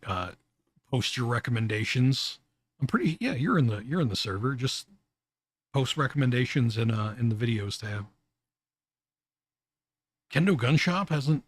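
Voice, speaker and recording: A man streaming casual reaction commentary, halting and often restarting his words with little chuckles. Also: medium pitch, dry recording.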